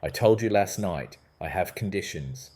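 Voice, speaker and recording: Man reading a composed woman gardener, deep and flat, firm and matter-of-fact. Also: normal speed, slightly rough.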